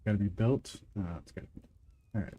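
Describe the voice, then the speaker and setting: A man's voice: fairly low pitch, fast talker, mellow, husky. A man from the Midwest with a Midwestern twang, chatting casually with viewers while playing a game on a livestream, rambling between game moves. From American Midwest. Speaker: livestream gamer host. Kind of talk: casual live gameplay chat.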